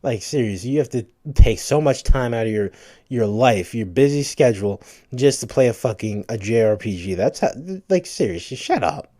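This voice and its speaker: A man's voice: mid-range voice, expressive, moderate pace, warm tone, dry recording, studio quality. A tired man ranting, profane and rambling, full of false starts and repeated words. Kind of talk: ranting to camera.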